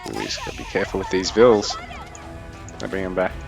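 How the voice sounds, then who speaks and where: Man, casual game caster, lowish voice, even chatty delivery, faint music behind. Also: brisk, vocal fry. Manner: chatty, thinking aloud, fairly even delivery. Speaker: esports caster. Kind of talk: casual live game commentary.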